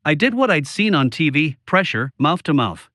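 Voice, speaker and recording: Man, storyteller, slow and solemn delivery, confiding tone, slightly high voice, dry close sound. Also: very animated, sharp tone, no echo. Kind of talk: scripted first-person story narration.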